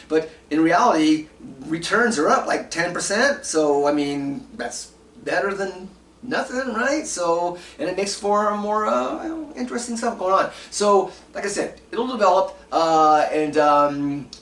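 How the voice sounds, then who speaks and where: A man's voice: high voice, expressive, a little slow, fairly bright tone. Rambling man with a roomy, distant sound. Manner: rambling, self-mocking, lots of ums and uhs. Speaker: podcast host. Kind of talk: casual solo sports talk. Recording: roomy echo, mic at a distance.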